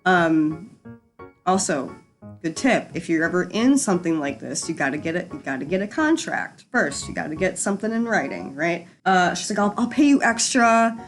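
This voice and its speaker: A woman's voice: lowish voice, animated, moderate pace, soft background music. A young adult woman hosting a casual storytime chat, rambling and frank, with lots of fillers and easy swearing. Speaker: storyteller host.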